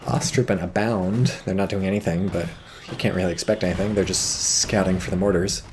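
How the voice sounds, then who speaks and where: A man's voice: low-pitched, steady tone, a little fast, background noise. A man casually commentating a strategy game match, with a dry, rambling manner and hiccups, reading viewer chat aloud. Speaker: game caster.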